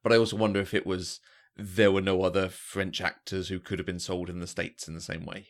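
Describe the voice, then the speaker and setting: A man co-hosts a casual film podcast, pitched a little low. He thinks aloud and circles back to rephrase as he goes. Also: flat delivery, a little fast. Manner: thoughtful, restarts his sentences. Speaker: podcast co-host.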